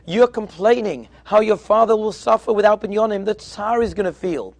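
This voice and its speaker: High, gravelly-voiced rabbi preaching. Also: male voice, moderate pace, darkish tone, dry recording. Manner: storytelling, acting out dialogue in quotes; sprinkles Hebrew and Yiddish terms. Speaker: rabbi addressing yeshiva students. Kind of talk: sermon.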